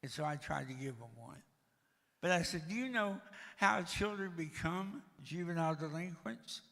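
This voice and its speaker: Gravelly older man telling dry jokes. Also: a little high, lively intonation, normal speed, a bit bright, big-room sound. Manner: dry, joking storyteller. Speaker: guest speaker. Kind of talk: storytelling talk to a church audience. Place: church.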